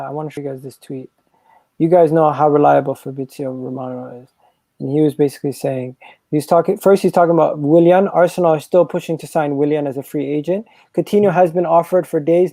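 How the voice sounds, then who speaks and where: A man chatting excitedly as a guest on a fan stream, often restarting his sentences. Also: fairly high pitch, a little fast, no room sound, rough recording. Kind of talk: casual fan stream chat.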